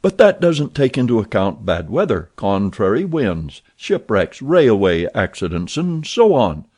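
A man voicing an excited, incredulous gentleman who argues eagerly at a card table. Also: on the low side, a little slow, slightly rough, full character voice. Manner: eager, raised and insistent.

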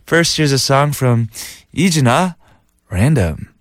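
A man's voice: medium pitch, takes it slowly, no room sound. A man hosting a casual radio show, reading listener messages and laughing easily. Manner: laughs easily, animated and chatty. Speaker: radio host. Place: radio studio booth.

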